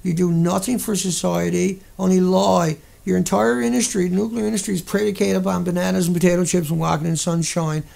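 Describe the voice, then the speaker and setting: A man's voice: sits high, little pitch movement, a little fast, vocal fry, few pauses, darkish tone. A man hosting a livestream, ranting in an indignant, profane, rambling way. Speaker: livestream host. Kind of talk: angry livestream rant.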